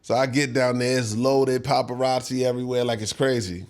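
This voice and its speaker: A man's voice: medium pitch, fairly quick. A middle-aged man, a songwriter guest in a casual interview, telling a story with lots of laughs and acted-out quotes. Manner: animated storyteller who acts out quotes, laughs often.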